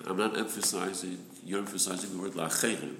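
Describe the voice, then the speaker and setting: A man with a low, gravelly voice leads a group study of a religious text. He explains patiently and repeats his key point, now and then clearing his throat. The recording sounds echoey, with faint background noise. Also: moderate pace. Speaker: Torah study group leader.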